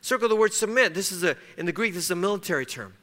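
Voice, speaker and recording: Bright, forceful high-voiced preacher man. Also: expressive, very fast. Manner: emphatic, repeats key phrases, acts out quotes in story. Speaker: pastor. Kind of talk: sermon.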